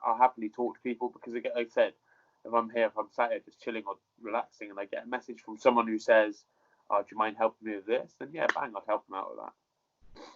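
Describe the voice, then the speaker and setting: Laid-back fighter guest. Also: male voice, on the low side, steady tone, fast. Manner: laid-back, easygoing, says "innit". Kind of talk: casual interview chat. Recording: dull lo-fi sound.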